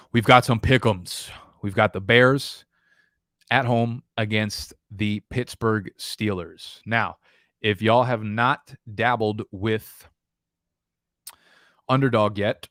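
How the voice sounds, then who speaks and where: A man's voice: medium pitch, a bit bright, no room sound, clean studio sound. A man with a New Jersey or New York accent hosting a fantasy football live stream, talking casually in a profane, emphatic, rambling way.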